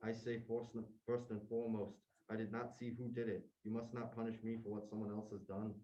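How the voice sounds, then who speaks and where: A man's voice: lowish voice, little pitch movement, brisk, mellow, natural voice. A young man reading a nervous sentry. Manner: rambling, stumbling read-aloud. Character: nervous, rambling male sentry. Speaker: student. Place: classroom. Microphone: distant room mic. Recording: dull, distant classroom recording.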